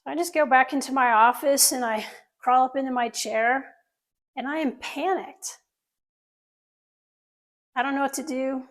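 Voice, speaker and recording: A woman's voice: high voice, unhurried, long pauses. A middle-aged woman, a surgeon, telling an earnest personal story to an audience, with asides to listeners.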